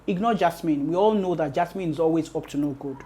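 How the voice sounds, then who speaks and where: A woman voicing an older father who calmly tells his daughter to ignore things. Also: low voice, fast, close to an everyday voice. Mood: soothing. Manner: soothing, dismissive.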